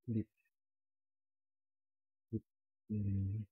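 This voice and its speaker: Slow and drowsy, a young Filipino-accented streamer murmurs to himself over his gameplay, switching into Tagalog now and then. He speaks at a medium pitch with a dark tone, and there's no room sound.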